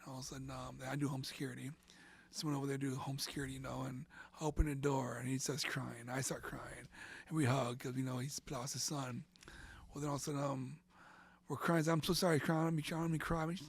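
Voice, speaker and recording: Gravelly, husky middle-aged man telling a story. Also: mid-range voice, level tone, fairly quick. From central Florida. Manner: rambling, repeats "and all of a sudden", drops to near whispers. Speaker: interview guest. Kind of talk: emotional storytelling.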